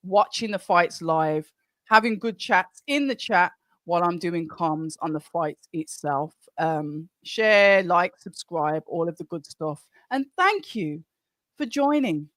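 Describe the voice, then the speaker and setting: It's live fight commentary and chat: a man with a high voice hosts a boxing watch-along, excitedly calling punches at speed each round and talking with viewers in between. The studio sound is clean, with no room sound.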